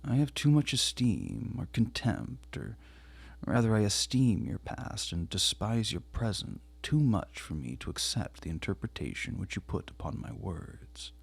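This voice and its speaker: Cold, rigid middle-aged husband, voiced by a male audiobook reader; husky, low, formal and emphatic. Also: sing-song, measured pace, exaggerated voice. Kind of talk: audiobook character reading.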